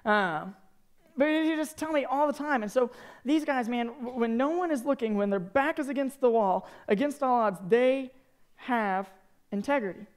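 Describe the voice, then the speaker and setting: A young man in his twenties from Arkansas, giving a joking, animated talk to students as a youth speaker. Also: extremely high pitch, moderate pace, smooth. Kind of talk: sermon to students.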